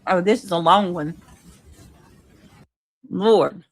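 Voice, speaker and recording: A woman's voice: on the low side, takes it slowly, no room sound. A woman hosting a live stream, chatting casually and reacting aloud as she reads chat messages and texts. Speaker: livestream host.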